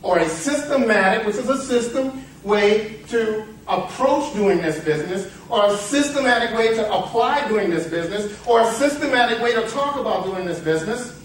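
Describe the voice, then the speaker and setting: A man's voice: high voice, distant mic, a little hiss or hum. A man giving a motivational seminar talk, telling a parable in a rambling way with playful asides. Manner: rambling storyteller, self-interrupting, playful asides. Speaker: seminar speaker. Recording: echoey hall, picked up from afar.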